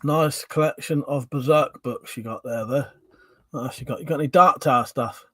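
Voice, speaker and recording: This livestream host is at home, chatting through viewer comments with plenty of laughter, banter, swearing and drinking. He speaks at a normal speed in a mid-range voice with a fairly bright tone, and there's no room sound.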